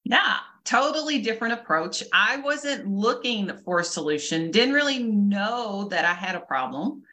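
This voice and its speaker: A woman's voice: medium pitch, animated, normal speed, sharp tone. A woman in her fifties from Kentucky, introducing herself with enthusiasm as a nurse co-hosting a health podcast. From Louisville, Kentucky. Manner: upbeat, enthusiastic. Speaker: nurse and nutrition coach co-host.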